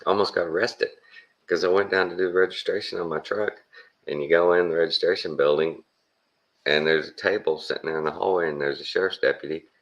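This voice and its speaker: Blunt, plainspoken Texan man, very low and creaky, casual monologue. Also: steady tone, fairly quick, muffled recording. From Texas. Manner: blunt and plainspoken, with folksy slang. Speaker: vlogger.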